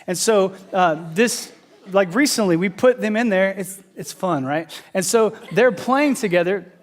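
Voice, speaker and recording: A man in his thirties preaching a sermon as pastor, telling animated, conversational stories. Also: sits high, a little slow.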